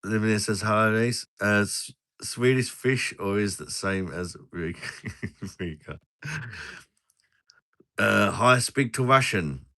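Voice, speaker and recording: Deep-voiced British man with a forceful edge, rambling live-stream host, jokey banter. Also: takes it slowly, pauses often. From Britain. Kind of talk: casual live-stream chat while drinking.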